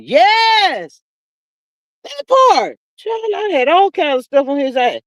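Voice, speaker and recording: A woman's voice: sits high, big pitch swings, slow pace, no room sound. A woman hosting a livestream, reading chat comments aloud and acting out scenes in a drawling, exclamatory, theatrical way. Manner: theatrical, acts out scenes in first person. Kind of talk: casual gossip commentary.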